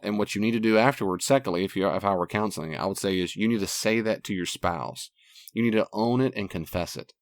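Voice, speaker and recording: Earnest low-voiced male podcast host. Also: no room sound, studio quality. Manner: earnest, repetitive, direct address to listener. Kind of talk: Christian relationship podcast talk.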